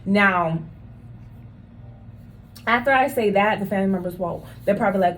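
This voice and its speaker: A woman's voice: medium pitch, moderate pace, long pauses, fairly bright tone, a little hiss or hum. Emphatic woman nurse vlogging. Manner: emphatic, talks straight to viewers, repeats phrases for stress. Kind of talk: casual storytelling vlog.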